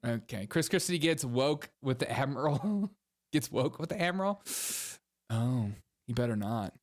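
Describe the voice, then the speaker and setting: A man's voice: mid-range voice, lively intonation, normal speed. A man hosting a political comedy podcast, riffing sarcastically and laughing at the news. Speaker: podcast host.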